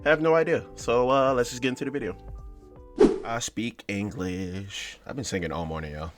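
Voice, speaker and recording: A man's voice: mid-range voice, moderate pace, loud music behind the voice. Rambling, joking gaming YouTuber man. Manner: rambling, joking, talks to viewers as "bro" and "y'all". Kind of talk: casual let's-play commentary.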